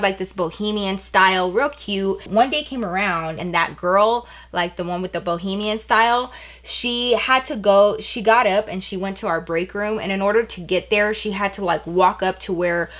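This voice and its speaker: A young woman vlogger telling a story casually while getting ready, animated, sprinkling "like" everywhere, with blunt slang. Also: mid-range voice, normal speed. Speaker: beauty vlogger.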